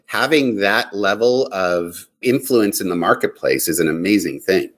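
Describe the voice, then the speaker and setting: A man with a fairly low voice talks through business ideas in a relaxed panel discussion. He explains each point steadily and plainly. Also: normal speed, poor audio.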